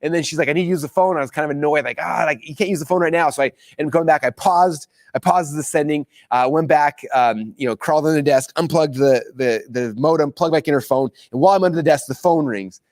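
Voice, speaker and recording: A man hosting a course, telling a personal story with excitement and acting out his own past lines. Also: on the high side, fast talker, hardly any pauses, no room sound. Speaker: course host. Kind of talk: animated storytelling.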